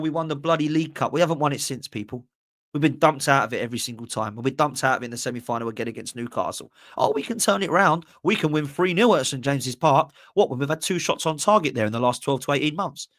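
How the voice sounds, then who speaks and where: A man's voice: fairly high pitch, fast talker, fairly bright tone, dry recording, studio quality. A man, hosting a live fan podcast and ranting passionately while reading out viewer messages. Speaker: podcast host. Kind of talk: live-stream fan rant, reading super chats.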